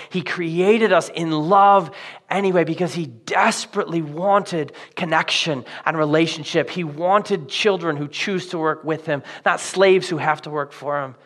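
A man's voice: on the high side, a bit bright. A man preaching a sermon to his congregation, in a conversational, earnest way with casual fillers. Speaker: pastor.

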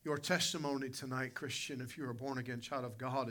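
A man's voice: mid-range voice, steady tone, a little fast, few pauses, bright, forceful tone. A male pastor, preaching a sermon with folksy, dramatic storytelling and calling out to people in the congregation. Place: church conference hall.

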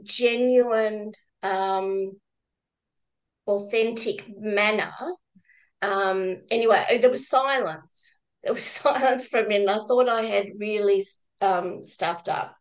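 A woman, a guest, telling a personal work story in a reflective, halting way with many restarts and some laughter. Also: medium pitch, low-quality recording. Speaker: guest, former crisis-line volunteer.

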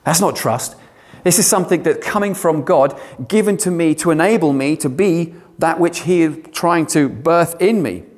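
A man preaching a sermon, animated and given to sarcastic asides. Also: fairly high pitch, normal speed.

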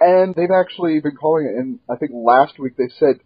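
A man with a slightly husky voice hosts a casual gaming podcast, sharing opinions and correcting himself as he goes. The sound is dry, with muffled lo-fi call audio. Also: a little high, fairly quick, dry recording. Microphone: online call.

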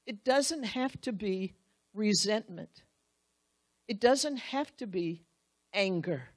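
A woman's voice: fairly high pitch, dry recording. A woman Bible teacher giving a sermon, speaking earnestly and straight to the husbands in the room, acting out the quotes she reads.

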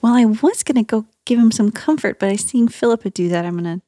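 A woman playing a tabletop game, speaking gently in character. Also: on the high side, expressive, fast, no echo, studio quality. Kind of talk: in-character role-play.

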